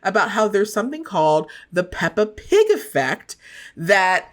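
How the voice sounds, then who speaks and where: A woman's voice: mid-range voice, unhurried. Laughing woman telling stories. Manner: animated storyteller, laughs often. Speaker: podcast co-host. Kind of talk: casual chat.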